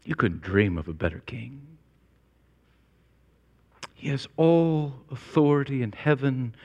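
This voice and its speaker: A man preaching a sermon as pastor, climbing to emphatic high peaks and then dropping low and quiet. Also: sing-song, slow pace, highs cut off. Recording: long reverb of a large hall.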